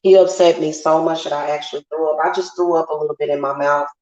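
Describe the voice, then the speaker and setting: A woman's voice: low voice, fairly even intonation, fast talker, a little mellow. A woman hosting a casual witchy livestream, venting bluntly and profanely to her viewers. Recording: roomy, slightly dull home sound.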